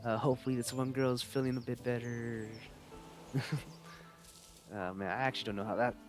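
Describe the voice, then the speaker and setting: A man's voice: medium pitch, flat delivery, normal speed. A young man chatting casually through a game live stream, rambling and playful, reading the game's dialogue aloud.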